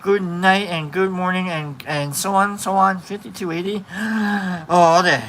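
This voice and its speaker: A man hosts a casual livestream with a bright, sharp-edged voice, reading out and answering viewer comments in a playful, rambling way. He restarts sentences often and fills the gaps with "uh" and "um." A faint background noise sits under his voice. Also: sits high, normal speed, poor audio. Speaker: livestream host.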